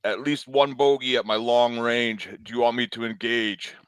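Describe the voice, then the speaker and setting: A man playing a gruff soldier in a tabletop role-play, talking in a casual, bantering way. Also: medium pitch, little pitch movement, moderate pace, a bit bright, dry recording. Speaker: player.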